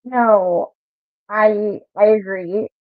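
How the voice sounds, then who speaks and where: A woman's voice: mid-range voice, fairly even intonation, extremely slow, no echo. A woman hosting a livestream, talking in a loose, friendly, reassuring way in casual chat. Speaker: livestream host. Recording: tinny dry call audio.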